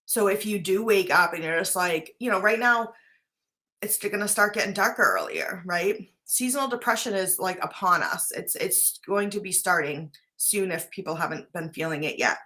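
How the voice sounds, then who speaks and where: In this casual talk to camera, a woman life coach addresses her viewers with an animated, medium-pitched voice, bright and forceful, at ordinary speed. She's chatty and sincere, frequently tossing in "right?", and occasionally her voice catches with emotion for a moment.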